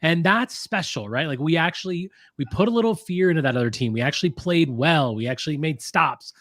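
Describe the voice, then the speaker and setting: A man's voice: a little high, animated, a little fast, fairly bright tone, no echo. Emphatic man on a dry mic. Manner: enthusiastic, emphatic analysis. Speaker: podcast co-host. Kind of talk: casual sports podcast chat.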